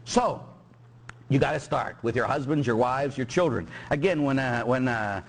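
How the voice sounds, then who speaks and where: A man's voice: mid-range voice, normal speed. A middle-aged man from Pittsburgh, a Catholic priest preaching a sermon and joking with his congregation.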